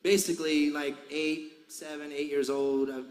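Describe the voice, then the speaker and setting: A singer in his forties stands on stage at a large concert venue, laughing and trading banter with the crowd between songs as he tells rambling stories. His voice sits on the high side, level in tone and at normal speed, with live hall reverb and faint crowd noise around it.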